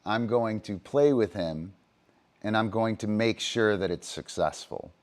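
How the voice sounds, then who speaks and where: A man with a very deep, low voice talks through his dog-training methods on a livestream. He speaks off the cuff, stopping often to say "um" and to check in with "right?". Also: unhurried.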